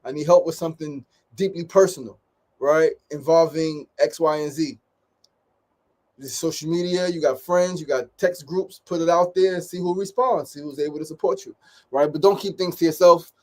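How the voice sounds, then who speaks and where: A man's voice: a little high, fairly even intonation, normal speed. A man hosting his daily show, giving casual motivational talk with upbeat repeated phrases and frequent "right?" tag questions.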